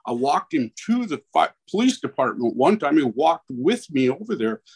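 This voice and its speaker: A man's voice: fairly high pitch, sing-song, normal speed, gravelly, a little mellow, slightly rough. A man who owns a local business speaks at a public meeting, rambling and worried, restarting his sentences often.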